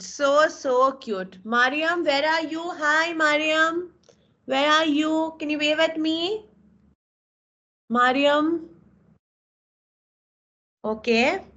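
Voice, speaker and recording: A woman with an Indian English accent, teaching a live online class and warmly praising her students' work, heard over a video call. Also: sits high. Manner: encouraging, effusive praise, calls out names. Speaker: webinar instructor. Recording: dull lo-fi video call audio.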